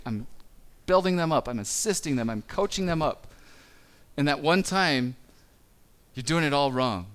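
A man giving a sermon on parenting in a relaxed, conversational way, stumbling a little and briefly acting out quotes from parents and children. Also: a little high, clear, resonant tone. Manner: conversational, with small stumbles and quick acted-out quotes. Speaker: pastor.

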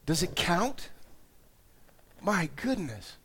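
A man delivering a sermon in an easy, conversational way, his voice sitting a little higher than most men's. He restarts phrases and repeats words as he thinks aloud. When he reads scripture, his voice climbs and grows more dramatic. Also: sing-song, very slow, fairly bright tone, a little hiss or hum. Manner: conversational, dramatic rises in voice while reading scripture. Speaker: pastor.

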